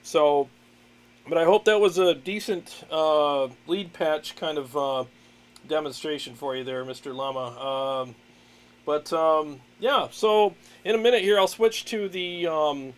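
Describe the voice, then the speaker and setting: A man's voice: a little high, a little slow. Chatty man hosting a livestream. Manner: relaxed, chatty, laughs often, many fillers. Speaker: livestream host, guitarist. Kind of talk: casual livestream chat.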